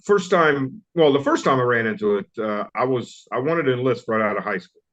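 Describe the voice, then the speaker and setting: A man in his fifties with a Southern US accent, a guest telling stories in an interview, blunt and wry, halting with many fillers and restarts. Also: medium pitch, lively intonation, fairly bright tone. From southern United States. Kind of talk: casual interview storytelling. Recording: dull lo-fi audio.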